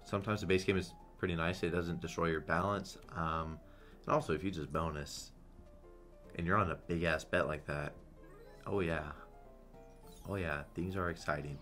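A young man giving casual, excitable commentary while playing a slot game, swearing freely. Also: deep voice, moderate pace, long pauses, faint music behind. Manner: excitable, swears a lot, chants "come on". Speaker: slot streamer. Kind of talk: live gambling commentary.

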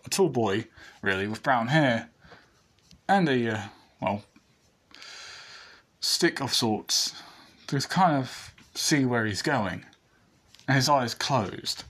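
At a medium pitch, a man with a husky, slightly bright voice casually reads a fan story out loud, rambling as he goes. He speaks expressively and slowly, leaving long pauses, restarting sentences, and tossing in asides.

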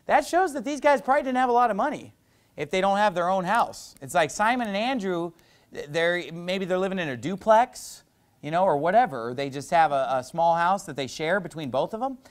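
A man's voice: high voice, expressive, brisk. A middle-aged male pastor preaching a sermon, telling stories in a loose, conversational way with lots of "you know".

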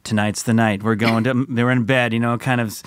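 A man's voice: mid-range voice, level tone, brisk, clean tone, dry recording, clean studio sound. A man co-hosting a casual podcast chat, telling stories and putting on a child's voice when he quotes his daughter. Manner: storytelling, puts on a child's voice when quoting. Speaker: podcast co-host.

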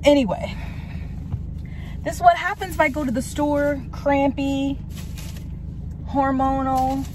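A woman's voice: on the high side, noisy background. A young woman vlogging in a casual, frank way, swearing freely and talking about being tired and crampy. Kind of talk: casual vlog chat. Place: in a car, then at home.

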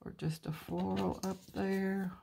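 A woman's voice: medium pitch, level tone, a little slow, gravelly, mellow, slight background noise. A woman hosting a plan-with-me video, chatting casually to herself and her viewers as she decorates a planner page. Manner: chatty, talks to herself while crafting. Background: birds chirping outside.

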